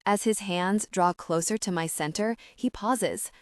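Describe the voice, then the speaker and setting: A woman narrating a first-person romance audiobook in a soft, intimate way. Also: mid-range voice, a little slow, no room sound, clean studio sound.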